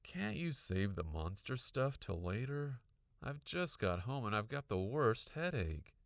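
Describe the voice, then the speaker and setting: A man's voice: mid-range voice, sing-song, a little slow, a bit bright, no room sound, clean studio sound, pitched above the performer's own voice. A man voicing a tired middle-aged father who grumbles and mutters complaints. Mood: grumbling.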